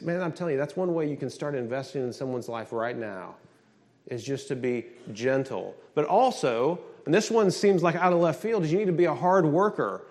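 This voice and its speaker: A man preaching with lively emphasis, his voice sitting a touch high for a man. He asks the congregation questions and answers them himself. He swings between loud, punchy lines and softer, quieter ones. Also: moderate pace. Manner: emphatic, animated preaching with call-and-response questions. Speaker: pastor. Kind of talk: sermon.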